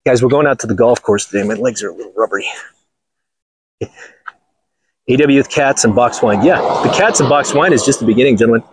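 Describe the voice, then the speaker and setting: Crude guy ranting on a walk outside, husky voice, swings up and down a lot. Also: medium pitch, expressive, brisk, pauses often, low-quality recording. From Los Angeles, USA. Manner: blunt, crude and mocking, laughs often. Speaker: channel host. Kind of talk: casual walking vlog rant. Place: outdoors on a golf course.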